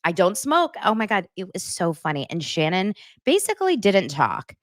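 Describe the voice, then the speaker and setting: A woman's voice: fairly low pitch, huge pitch swings, moderate pace, dry recording, clean studio sound. A woman hosting a podcast, chatting casually and gossiping about pop culture, often laughing as she talks. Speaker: podcast host.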